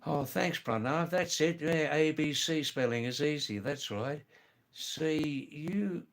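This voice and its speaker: A man's voice: on the high side, slow. A man hosting a live stream, casually chatting with viewers, greeting them by name and repeating exclamations. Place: seated indoors.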